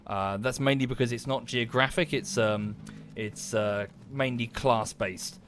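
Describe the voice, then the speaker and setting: This game streamer has a mid-range, fairly even voice with a measured pace and a slightly bright tone, and faint music plays behind him. He's a southern English man with an Estuary accent who talks casually while gaming on a livestream, calling out viewers by name to thank them and cursing quietly at the game.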